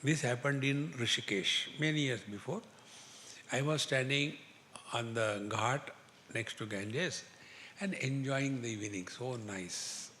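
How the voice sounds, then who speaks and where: A man speaking English with an Indian accent, giving a spiritual discourse as a teacher, telling humorous stories slowly and chanting Sanskrit verses. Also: mid-range voice, bright, forceful tone. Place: lecture hall with an audience. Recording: long hall reverb, faint noise.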